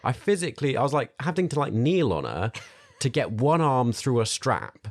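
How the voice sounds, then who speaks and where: A man's voice: mid-range voice, sing-song, normal speed. A man, co-hosting a parenting podcast and telling a long, self-mocking story. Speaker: podcast co-host. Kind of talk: casual storytelling chat.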